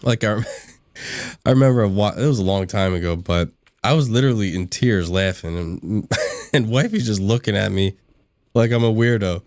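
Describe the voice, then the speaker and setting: Chatty low-voiced man hosting a game stream. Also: moderate pace, a little mellow, no room sound. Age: adult. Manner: chatty, laughs often, reads out chat replies. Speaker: livestream gaming host. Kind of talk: casual chat while gaming.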